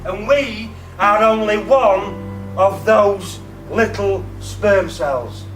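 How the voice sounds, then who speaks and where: A man with a very high voice and a stammer delivers a slow, emphatic motivational speech to students, repeating his key words. He is picked up from a distance in a roomy, echoing hall, and faint music sits underneath. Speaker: keynote speaker.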